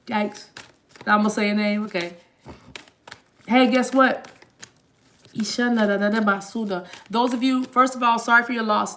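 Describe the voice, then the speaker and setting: A woman's voice: mid-range voice, fairly bright tone. A woman giving a live tarot reading, talking straight to her viewers in a chatty, spiritual way. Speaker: tarot reader.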